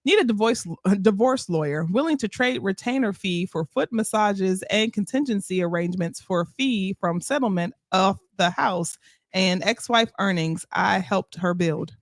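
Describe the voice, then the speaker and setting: A woman's voice: mid-range voice, normal speed, no echo, clean studio sound. A woman co-hosting a casual podcast chat, reading profiles aloud with frequent laughter. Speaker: co-host reading dating profiles.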